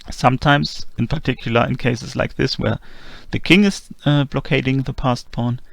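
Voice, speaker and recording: Male chess instructor, heavy vocal fry, dry close-mic read, methodical delivery. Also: mid-range voice, dry recording. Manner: methodical, calm move-by-move explanation. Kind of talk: explanatory chess lesson narration.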